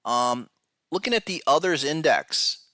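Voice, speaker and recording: A man's voice: a little high, animated, unhurried, pushed and bright, no room sound, studio quality. A man hosting a podcast, giving casual market analysis, who talks to viewers directly and often repeats words as he goes. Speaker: podcast host and trading analyst.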